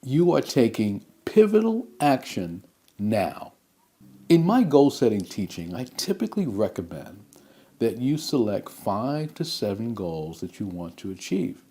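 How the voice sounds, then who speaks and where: Slow, deep-voiced man giving a motivational talk. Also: big pitch swings, dark tone, husky. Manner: measured, emphatic, with deliberate pauses. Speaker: motivational speaker.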